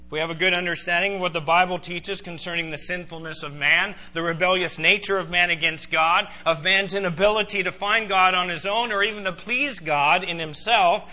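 A man preaching a sermon to a congregation, emphatic and animated. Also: high-pitched, a little fast, hardly any pauses. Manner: emphatic, rising to loud exclaiming in voiced quotes. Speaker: pastor.

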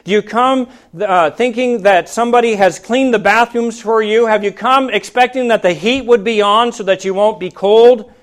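A male pastor preaching a sermon in a church, firing rhetorical questions and swinging between loud emphasis and soft, low asides. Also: moderate pace, hardly any pauses.

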